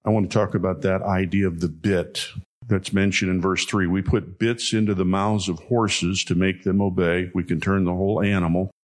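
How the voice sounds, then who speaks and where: Man, low-pitched preacher; homespun storytelling, deliberate emphasis on key lines. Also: fairly even intonation. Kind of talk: sermon.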